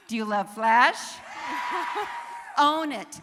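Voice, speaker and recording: An older woman, an author and inspirational speaker, giving an energetic, exhorting live talk to an audience and laughing often. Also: a little high, slow pace, long pauses, noisy background. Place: large hall with live audience. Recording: reverberant hall sound.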